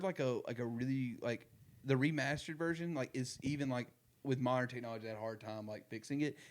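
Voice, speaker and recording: Brief: young male podcast host of middle pitch, talking loosely and rambling through casual chat. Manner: rambling, lots of fillers and restarts.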